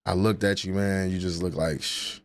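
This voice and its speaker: Dude on a livestream roasting chat, low voice, aave, profane and laughing. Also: male voice, fairly even intonation, normal speed. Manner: trash-talking, laughing, profane banter. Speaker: livestream host.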